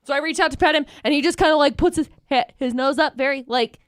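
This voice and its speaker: A woman's voice: high voice, quick pace, dry recording, clean studio sound. A young woman co-hosting a chat show, telling stories with energy and acting out the voices of people and pets. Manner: lively storyteller who acts out voices. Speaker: radio show co-host. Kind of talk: casual chat, animated storytelling.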